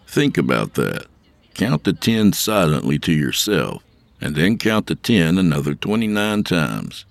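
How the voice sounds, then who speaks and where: A man's voice: deep voice, very animated, measured pace, vocal fry, no room sound. A man narrating a story in a wry, conversational way.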